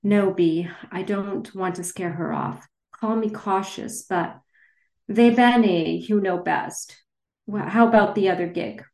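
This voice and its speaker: A woman voicing a cautious young female grifter who keeps her voice steady on a phone call. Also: mid-range voice, measured pace, natural voice. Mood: guarded. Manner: guarded, trying to sound steady. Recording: roomy echo.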